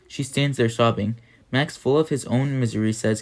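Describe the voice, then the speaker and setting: A man narrating a novel in a measured, even storytelling manner. His voice sits in a middle pitch. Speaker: audiobook narrator. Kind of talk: scripted narration.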